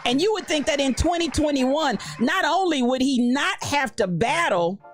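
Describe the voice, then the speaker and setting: A woman's voice: high voice, expressive, moderate pace, faint music behind. A woman hosting a livestream, ranting about church folk in a fired-up, preachy way, repeating her phrases. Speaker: host. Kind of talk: livestream commentary rant.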